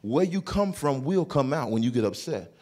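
Southern guy doing stand-up, animated, laughing, voice jumps around a lot. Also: medium pitch, normal speed. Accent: Southern American. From North Carolina, USA. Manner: animated storytelling, laughing, bursts of shouting. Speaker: comedian. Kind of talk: stand-up comedy.

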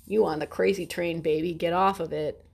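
A woman's voice: fairly low pitch, fairly even intonation, normal speed, creaky, a little mellow. A woman reacting to an article, sarcastic and exasperated, swearing often. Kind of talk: ranting commentary.

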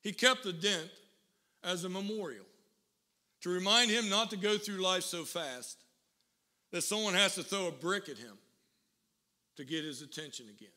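Guy preaching in church, high bright voice, builds up intensity telling a story. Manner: storytelling with rising intensity and emphatic pauses. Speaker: pastor. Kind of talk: sermon.

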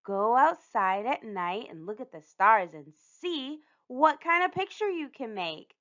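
A woman reading a picture book aloud for children's storytime, animated, with playful sound effects. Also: a little high, unhurried, muffled recording.

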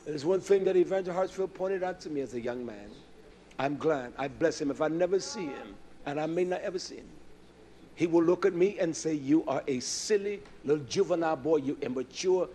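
Preacher guy in his 50s, fired up then real quiet, bit of hiss in the background. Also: a little fast. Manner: impassioned, swinging from shouts to low murmurs. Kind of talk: sermon.

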